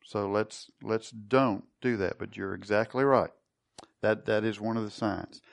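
A man's voice: on the low side, fairly even intonation, a little slow, vocal fry. A man preaching a sermon, teaching and putting questions to his congregation. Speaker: pastor.

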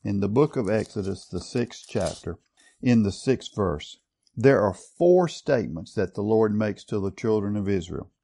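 A man's voice: lowish voice, expressive, moderate pace, vocal fry, mellow. A man preaching a sermon earnestly, building to strong stress on key words. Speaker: pastor.

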